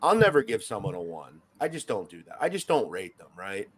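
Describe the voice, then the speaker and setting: A man's voice: lowish voice, sing-song, a little fast. A man talking in a casual chat, reflective and conversational.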